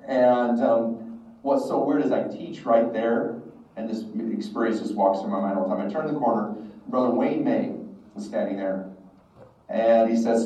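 A man's voice: mid-range voice, lively intonation, fairly quick, mellow. A middle-aged man giving a devotional talk, telling a personal story and acting out the dialogue. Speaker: religious instructor. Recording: echoey, distant, dull room recording.

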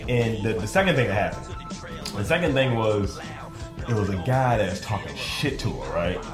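Male podcast co-host, lively pitch, slangy storyteller, echoey room, music bed. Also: normal speed. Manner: animated storytelling with lots of impressions. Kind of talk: casual explicit podcast banter.

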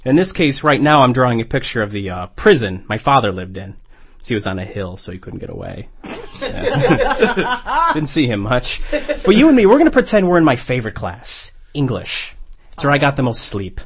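A man, a guest mentalist, leading a trick in chat with deadpan jokes. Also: mid-range voice, normal speed, breathy edge. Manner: joking, deadpan asides. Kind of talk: casual chat with performance patter.

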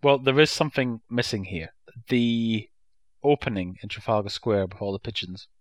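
A man's voice: fairly low pitch, normal speed, dry recording. A man co-hosting a casual chat podcast, telling stories in a wry, mock-serious way. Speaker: podcast co-host.

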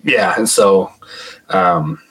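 Low husky man telling a story. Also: drawn-out words, fairly bright tone, poor audio. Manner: chatty, heavy use of "like". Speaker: paranormal investigator, guest. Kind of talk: casual storytelling.

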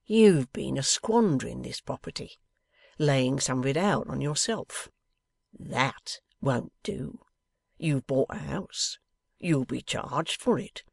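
A man doing a gravelly gloating blackmailer. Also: medium pitch, expressive, dry recording, studio quality, heavily acted. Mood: menacing. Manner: menacing, deliberate, turns w for v. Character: grasping one-legged scheming male blackmailer.

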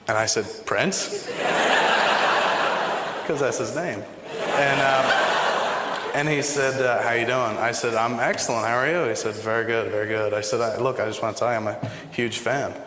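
A man's voice: mid-range voice, slight background noise. A man telling a long, profane anecdote in a casual way, acting out the dialogue as he goes. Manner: animated, profane, acts out dialogue. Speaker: guest storyteller. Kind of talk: casual storytelling. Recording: roomy hall with faint ambience.

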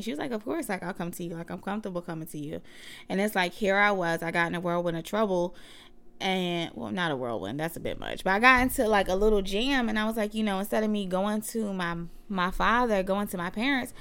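A woman's voice: lowish voice, fairly bright tone, smooth. A woman of about thirty hosting a faith podcast, chatting casually and using slang as she talks straight to her listeners. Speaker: podcast host and mother.

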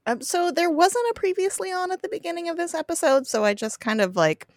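A woman's voice: very high voice, lively intonation, a little fast, no echo, studio quality. A woman guesting on a casual podcast, friendly and giggly as she chats.

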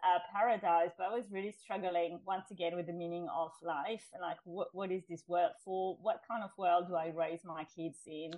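Woman guest on a podcast, middle-aged, chatty and animated, keeps restarting her sentences. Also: lowish voice, normal speed, hardly any pauses, poor audio. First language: French. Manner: chatty, with restarts and laughs, acts out her past self in quotes. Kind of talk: personal testimony in an interview.

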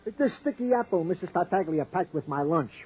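An actor playing a good-natured police sergeant in a 1950s radio drama, chummy, with wordy, mock-formal phrasing and a slightly hoarse voice. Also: male voice, high voice, animated, a little fast, full character voice. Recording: dull old radio broadcast recording.

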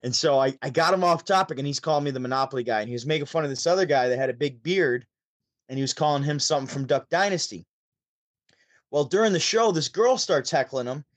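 A man from Syracuse, New York, telling stories as a podcast guest over a remote call, chatty and animated. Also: fairly high pitch, quick pace, no echo. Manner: chatty, animated, with frequent restarts. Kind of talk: casual storytelling.

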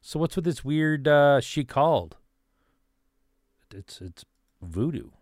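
A man's voice: on the high side, sing-song, takes it slowly, a little mellow, dry recording, clean studio sound. A man giving skeptical, questioning commentary with a sarcastic edge.

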